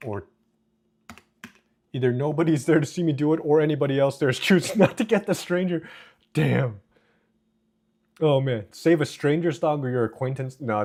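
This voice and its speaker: A man's voice: medium pitch, darkish tone. A man streaming live, reading his chat aloud and bantering with his viewers in a joking way. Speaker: livestreamer. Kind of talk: casual livestream chat.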